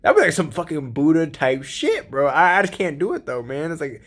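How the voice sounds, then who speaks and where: This solo vlogger has a somewhat high, sing-song voice with a fairly bright tone, and he speaks fairly quickly. His late-night monologue is casual and rambling, peppered with profanity and laid-back slang, and he keeps laughing while he talks.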